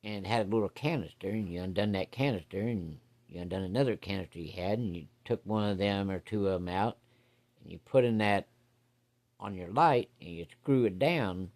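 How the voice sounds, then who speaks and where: A man's voice: sits low, fairly quick, darkish tone. A man telling a family story in a casual, folksy way, salty and sprinkled with profanity.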